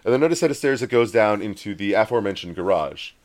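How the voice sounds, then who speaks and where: A man telling a long story in casual chat, rambling and animated, often acting out what others said. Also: lowish voice, quick pace. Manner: rambling, animated, acts out quoted voices.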